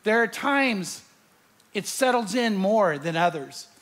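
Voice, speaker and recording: A male pastor with a high-pitched voice tells a story to a large audience. He is animated and acts out his own fright before turning to scripture. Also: takes it slowly. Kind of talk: sermon with storytelling.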